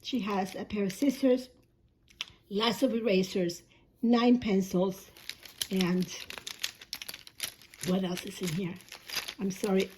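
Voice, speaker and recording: A woman vlogger, hoarse and coughing, chatting casually as she unboxes and packs a gift box, often rambling and correcting herself. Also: mid-range voice, fairly even intonation, slow pace, pauses often, mellow, a little hiss or hum. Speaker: shoebox-packing vlogger.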